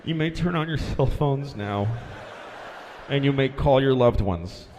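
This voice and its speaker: A stand-up comedian putting on a male airline pilot talking over the radio in a flat, drawling deadpan. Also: mid-range voice, measured pace, big-room sound, slight background noise, voice pushed down, lightly acted. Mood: weary.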